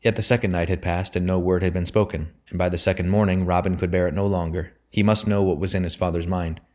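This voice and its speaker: A man narrating an audiobook in a deep, low voice. His reading is measured and even, carrying the story along at a steady pace. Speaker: audiobook reader.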